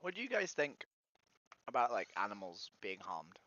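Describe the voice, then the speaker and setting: A woman talking casually but pointedly to strangers on a live stream. Her pitch moves a lot as she presses her questions. The audio is dull and lo-fi. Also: big pitch swings, normal speed, fairly bright tone. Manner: direct, persistent questioning. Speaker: streamer doing activism on a video chat site. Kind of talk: casual argumentative chat.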